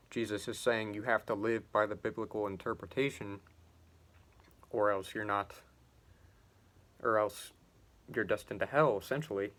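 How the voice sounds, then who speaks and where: A man's voice: fairly low pitch, a bit bright. Musing man talking through a classic novel. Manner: musing, loose phrasing with frequent restarts. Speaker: literature commentator. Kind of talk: reflective book commentary.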